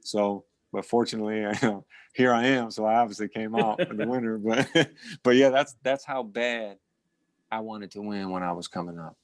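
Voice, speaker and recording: A middle-aged former boxing champion appears as a guest in a casual interview, telling stories of his fights in a low voice at a moderate pace. He's animated, speaking in bursts, restarting and repeating words, and laughing often. The sound is dry and close, with no room around it.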